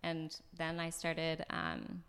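A woman from Los Angeles chats through her story as a podcast guest, bubbly, with lots of likes and ums. Her voice sits on the lower side with plenty of gravelly vocal fry. She's recorded in an apartment. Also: takes it slowly. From Los Angeles, USA. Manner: chatty and animated, many likes and ums. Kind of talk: casual conversational storytelling. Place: floor of a new apartment.

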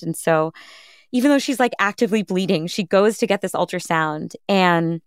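A woman's voice: lowish voice, moderate pace, smooth, no room sound, studio quality. A woman in her thirties, a podcast host, telling her own story in an interview, earnest and reflective, often reenacting what others said. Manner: earnest, reflective, quotes others in lively retellings.

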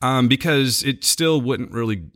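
A young man co-hosting a casual podcast tells a rambling story full of laughs and profanity. His mid-range voice is a bit bright, and he takes his time as he chats.

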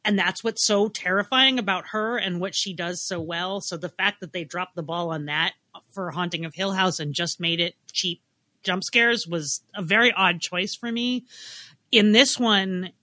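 A woman co-hosting a TV review podcast in casual chat, animated and teasing, laughing often. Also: lowish voice, normal speed, no echo. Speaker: podcast co-host.

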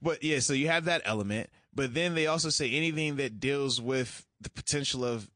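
A man co-hosting a casual sports chat, excitable and emphatic, often saying "man". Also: mid-range voice, brisk, no room sound, studio quality. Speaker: co-host, retired football player.

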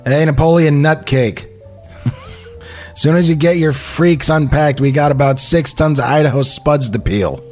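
A man's voice: a little high, measured pace, a little mellow, faint music behind, lightly acted. A bossy army corporal, read by a man at a table read taunts a new recruit. The voice is everyday and close to the man's own. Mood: mocking.

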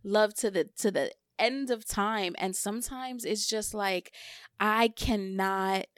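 A woman's voice: mid-range voice, slow, a bit bright, dry recording. Young woman, dry and candid. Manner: candid, confessional, repeats words for emphasis. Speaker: podcast co-host or guest. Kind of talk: casual podcast chat.

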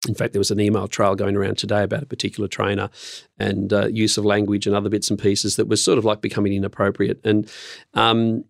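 A middle-aged man who gives interview answers in a measured, earnest way. His voice is low and gravelly, and he often pauses with an um. The recording is close and dry. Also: completely flat delivery, dry recording. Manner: measured, earnest, with frequent ums. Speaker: podcast guest, industry program leader.

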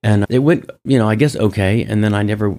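A middle-aged man, a comedian guest in an interview, telling stories in an animated way with many restarts. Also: on the low side, fairly quick, a little hiss or hum. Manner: animated, acts out quoted voices, many restarts. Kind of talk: casual storytelling interview.

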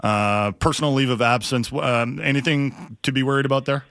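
A man's voice: medium pitch, steady tone, brisk, a bit bright, clear, resonant tone, dry recording. A male sports radio co-host talks close to a studio mic with a dry, deadened sound. His delivery is casual and wry, wandering into joking asides. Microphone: studio microphone.

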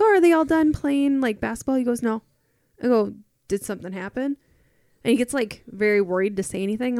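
Casting: thirties woman, slightly high voice, lively anecdotal delivery, dry close mic. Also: no room sound. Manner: animated storyteller, acts out quotes. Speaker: podcast guest, mother. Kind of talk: casual chat, storytelling.

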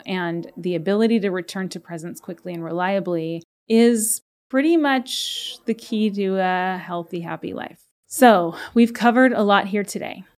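Upbeat woman hosting a self-help podcast. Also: medium pitch. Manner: upbeat, playful, acts out inner voices. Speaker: podcast host and coach. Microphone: podcast microphone.

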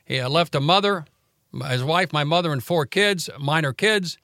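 A man in his seventies tells stories with a punchy, driving cadence. His voice sits high for a man and sounds sharp and forceful, recorded dry and close. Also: dry recording. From Cincinnati, Ohio. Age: 70s. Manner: aggressive rapid cadence. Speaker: radio host and lawyer guest. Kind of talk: storytelling in a casual interview.

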